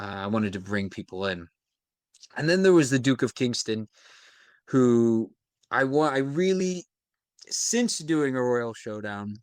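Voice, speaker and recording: Young American male actor, smooth clear tone, thoughtful interview guest. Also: on the low side, no room sound, studio quality. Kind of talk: casual interview.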